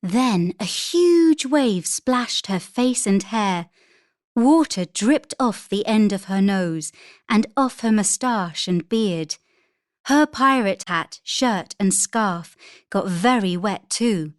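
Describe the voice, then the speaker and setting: A woman reading a children's storybook aloud in a clear, expressive way. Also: mid-range voice, slow, no echo, studio quality. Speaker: story reader.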